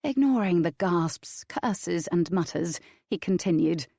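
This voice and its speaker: A woman reading an audiobook in the first person with steady, even storytelling. Her voice is warm, mellow and slightly low. The recording is dry and close, with no room echo. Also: measured pace, gravelly. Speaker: audiobook narrator. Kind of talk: scripted first-person narration.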